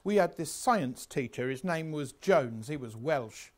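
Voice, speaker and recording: A man's voice: fairly high pitch, animated, unhurried. A man in his sixties giving a revision lecture, chatty, anecdotal and self-mocking. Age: 60s.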